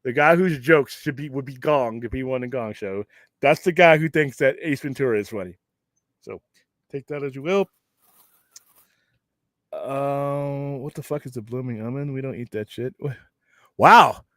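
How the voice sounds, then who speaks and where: A man from Southern California chatting on a live stream in a loose, rambling way. He swears freely, restarts his sentences and cracks jokes. His voice sits at an ordinary pitch and the sound is dry and close. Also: normal speed, long pauses, fairly bright tone, dry recording. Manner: rambling, profane, jokey, many restarts. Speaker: streamer host. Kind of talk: casual live-stream chat.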